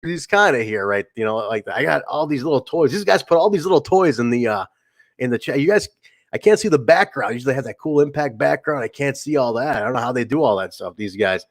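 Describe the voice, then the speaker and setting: A man's voice: mid-range voice, animated, fast talker. A man hosting a casual solo podcast livestream, rambling with fillers and restarts and acting out other people's lines as he tells a story. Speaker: podcast host.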